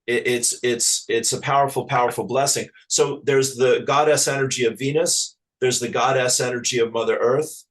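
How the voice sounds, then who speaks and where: A man from Ireland, a spiritual teacher talking as an interview guest in a halting, earnest, affectionate way with many restarts. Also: mid-range voice, steady tone, low-quality recording. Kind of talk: casual spiritual interview chat.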